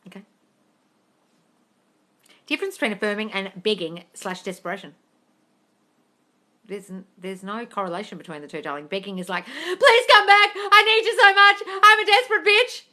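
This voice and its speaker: A woman hosting a casual live Q&A on a phone stream, blunt and sweary, calling viewers darling and squealing at comments. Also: mid-range voice. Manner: animated, squeals and laughs at comments. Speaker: livestream host answering viewer questions. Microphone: phone livestream.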